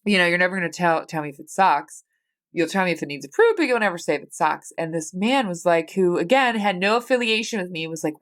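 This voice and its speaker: A woman's voice: medium pitch, lively intonation, fast, fairly bright tone. A woman in her thirties with an American accent hosting a solo podcast, talking candidly and rambling, teary with a stuffy nose. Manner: candid, rambling, swears casually. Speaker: podcast host. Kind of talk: personal solo podcast chat.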